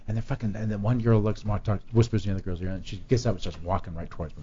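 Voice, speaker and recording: A man co-hosting a radio show, telling crude party stories in a rowdy, animated way and acting out quotes. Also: on the low side, very fast, dull audio, a little hiss or hum.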